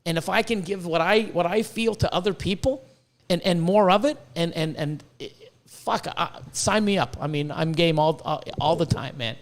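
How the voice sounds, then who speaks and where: On his casual podcast, a high-pitched man raised in Canada speaks at a moderate pace, excited and sprinkling in swear words. He frequently repeats himself as his thoughts run ahead.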